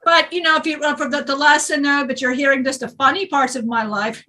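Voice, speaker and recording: A woman's voice: high voice, fairly even intonation, brisk, bright, forceful tone, distant mic. A woman channeling a rowdy, joking male spirit who talks in a boisterous, rambling way.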